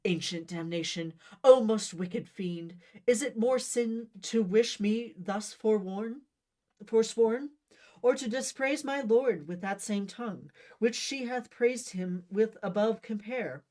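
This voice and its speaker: A tragic young heroine declaims antique verse with heavy theatrical despair, her lines rising and swelling. A woman voices her, putting it on for a storybook reading. The delivery is grand and deliberately overdone. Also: fairly high pitch, mellow, pitched above the performer's own voice. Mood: vengeful. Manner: overwrought mock-Shakespearean declaiming.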